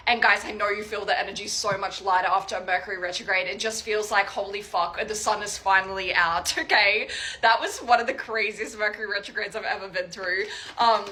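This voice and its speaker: A woman's voice: mid-range voice, bright, forceful tone, rough recording. A young adult woman giving a casual, chatty psychic reading to viewers, swearing freely and checking in with "okay, guys?". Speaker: tarot reader.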